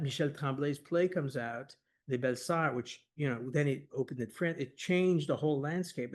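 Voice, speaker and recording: At a scholarly workshop, a man with a medium-pitched voice tells stories in an animated, conversational lecture. He talks quickly and eagerly, sprinkling in plenty of "like" and "you know," and now and then laughs mid-sentence.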